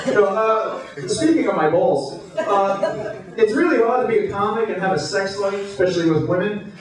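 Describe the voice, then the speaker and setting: A stand-up comedian with a fairly high voice that swings widely in pitch fires off crude deadpan one-liners at a moderate pace. He's picked up from a distance on a handheld stage mic in a very echoey hotel comedy club. Loud laughter from a noisy crowd fills the room behind him.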